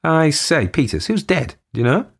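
A man's voice: sits low, very animated, brisk, exaggerated voice. Man voicing a blustering old taipan. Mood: irritated. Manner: gruff, blustering exclamations. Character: pompous older British businessman, irritable and smug.

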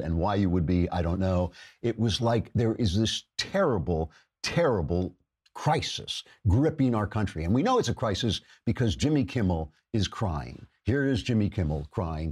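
A man's voice: lowish voice, big pitch swings, moderate pace, a little mellow, slightly rough. A man hosting his podcast, delivering a sarcastic, mocking political commentary monologue. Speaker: podcast host.

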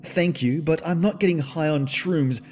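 A man's voice: on the high side, moderate pace, darkish tone, slight background noise, lightly acted. A man voicing a nervous, uneasy young woman who pleads in a tense, raised way.

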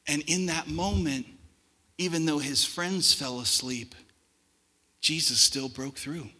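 A man preaching a sermon as pastor, swinging between hushed, reflective passages and loud, forceful outbursts. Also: fairly high pitch, takes it slowly, breathy edge, long reverb tail. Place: church sanctuary.

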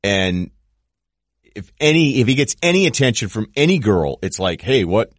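A middle-aged man with a low voice that jumps around a lot in pitch, riffing sarcastically as a podcast co-host. He talks into a close mic in a dry studio. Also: moderate pace, no echo. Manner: animated, sarcastic, jokes in put-on voices. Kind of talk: casual comedic chat.

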